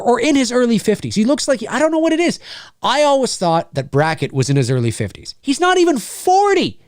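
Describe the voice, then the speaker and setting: Lively, rambling man hosting a fan Q&A. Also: on the high side, dry recording, clean studio sound. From Canada. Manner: rambling, laughs often, hams up movie quotes. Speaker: host answering viewer questions. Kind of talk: casual live-stream Q&A chat.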